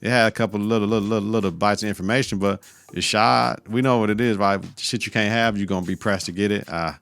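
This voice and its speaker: A man hosts a podcast, breaking down a TV episode in a loose, profane, laughing way. His voice sits a little low and carries a gravelly fry. Soft music plays faintly behind him. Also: fairly even intonation, fast talker, no room sound. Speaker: podcast host. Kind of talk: casual TV episode recap.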